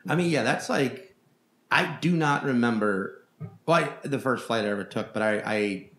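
A man hosting a comedy podcast, telling stories in a loose, profane, animated way. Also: medium pitch, moderate pace, reverberant. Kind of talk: casual comedic chat.

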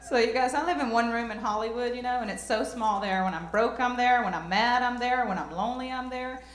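A woman's voice: a little high, fairly quick. A young woman with a Southern American accent doing a self-deprecating stand-up set, drawling and talking back to the crowd. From rural American South. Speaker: stand-up comedian. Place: comedy club stage. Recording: roomy club reverb.

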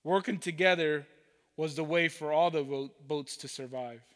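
A man preaching, telling a parable slowly and deliberately as a pastor. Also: on the high side, fairly bright tone, big-room sound. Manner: slow, deliberate storytelling. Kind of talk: sermon storytelling. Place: church sanctuary.

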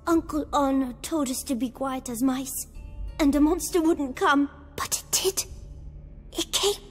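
A woman's voice: high-pitched, big-room sound, soft background music. A woman voicing a terrified young boy who stammers and halts through his words. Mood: frightened. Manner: stuttering, halting, shaky.

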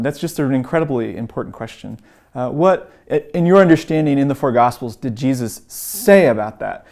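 A man teaching an evangelism course, retelling stories in an earnest way with frequent um and uh fillers. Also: medium pitch. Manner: lifts his voice when acting out quoted lines. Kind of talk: teaching talk with retold stories.

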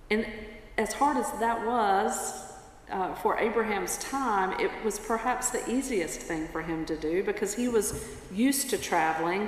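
A woman pastor preaching a sermon in a church sanctuary, telling a story in an unhurried way. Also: mid-range voice. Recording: echoey church with long reverb, faint ambience.

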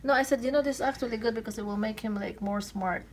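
A woman's voice: fairly high pitch, fast. Playful woman cooing at pets, noisy room. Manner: playful, laughs often, coos at the pet. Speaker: vlogger. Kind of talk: casual home chat with pets. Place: home room. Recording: home video with clear background noise.

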